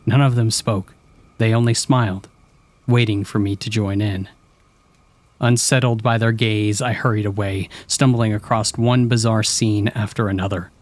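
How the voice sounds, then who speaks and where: A man reads a horror story aloud in a steady, scripted narration. His voice sits somewhat low, and his delivery stays even as he tells the story. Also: normal speed, no room sound.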